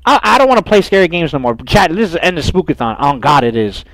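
A young man streaming a horror game, loud, profane and jumpy, talking to his chat and to the game characters. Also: fairly high pitch, big pitch swings, quick pace, no echo. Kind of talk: horror game playthrough commentary.

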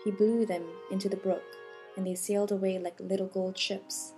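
A woman narrating a storybook fable for children in a gentle, measured reading. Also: medium pitch, flat delivery. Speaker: audiobook narrator. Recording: music bed behind the voice.

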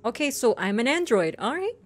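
A woman with a fairly high voice talks her way through a video game, chatty and openly emotional. She repeats characters' lines back at the screen. A faint game soundtrack plays under her voice. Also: big pitch swings, a little fast, soft background music. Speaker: gaming streamer. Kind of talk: let's play commentary.

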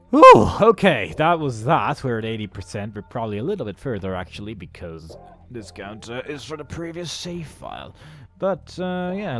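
A man's voice: mid-range voice, fairly bright tone. A man giving sarcastic let's play commentary, humming and making up silly songs as he plays. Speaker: game commentator. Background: faint game music.

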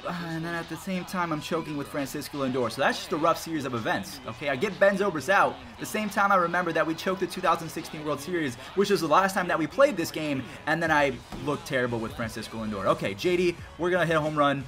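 A young man giving chatty, excitable commentary over his own baseball video game play. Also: on the high side, soft background music. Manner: excitable, chatty, quick reactions. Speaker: gaming YouTuber. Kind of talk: gameplay commentary.

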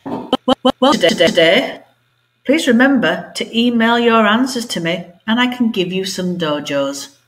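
A woman teacher reading a story aloud to her pupils, expressive and animated. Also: mid-range voice, moderate pace. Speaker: primary school teacher. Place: home.

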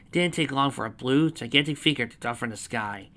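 Bright-voiced man reading fanfiction. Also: mid-range voice, a little fast. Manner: chatty asides between narration. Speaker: narrator. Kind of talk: reading fanfiction aloud with casual asides.

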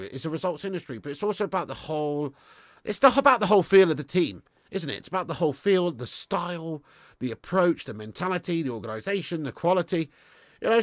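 This football fan channel host is a young man with a fairly high voice, recorded in clean studio sound without any room sound. Hosting a live watch-along, he reads viewer comments and sounds frustrated and blunt, swearing casually.

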